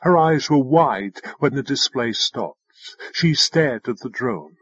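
A man reading scripted fiction narration in a measured storytelling manner. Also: mid-range voice, animated, fairly bright tone, husky, dry recording, lo-fi sound. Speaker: audiobook narrator.

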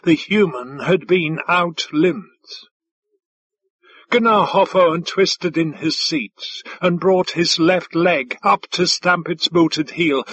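Male reader, measured delivery, slightly high husky voice, very slow, dry close mic. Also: fairly bright tone. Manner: measured, deliberate. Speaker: audiobook narrator. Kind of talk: scripted narration.

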